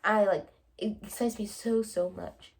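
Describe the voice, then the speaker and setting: Gravelly-voiced young woman chatting. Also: mid-range voice, measured pace. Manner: animated, playful, acts out both sides of conversations. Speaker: vlogger. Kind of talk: casual chatty vlog monologue.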